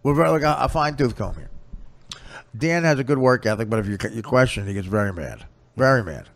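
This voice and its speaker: Fast-talking crude man roasting a guest. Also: mid-range voice, expressive. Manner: crude, roasting, rapid-fire. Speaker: podcast host. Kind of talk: casual comedy podcast banter.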